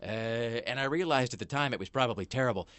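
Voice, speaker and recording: Fast-talking rambling man. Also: mid-range voice, fairly bright tone, no room sound. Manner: rambling storyteller, many fillers and restarts. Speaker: podcast host. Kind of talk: casual chat. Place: small studio.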